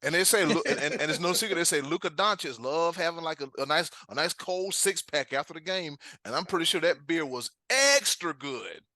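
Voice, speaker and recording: A man co-hosting a sports podcast, joking in slow, drawled asides. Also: a little high, animated, sharp tone. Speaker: podcast co-host. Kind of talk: casual sports banter.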